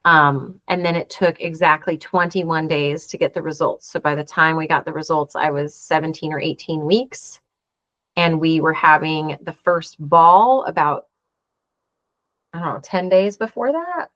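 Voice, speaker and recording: A woman's voice: low voice, a little slow, fairly bright tone, no echo. Earnest woman in her forties. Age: 40s. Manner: earnest, acts out quoted dialogue. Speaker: interview guest. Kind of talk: emotional personal storytelling. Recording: dull, dry lo-fi sound.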